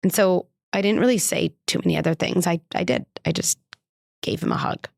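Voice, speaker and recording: A woman's voice: sing-song, brisk, gravelly, a little mellow, no echo, clean studio sound. A woman hosting a parenting podcast, telling a personal story in a candid, conversational way and acting out quoted lines. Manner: candid and conversational, many "like" fillers; acts out quoted dialogue with lifted pitch. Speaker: parenting psychologist and podcast host.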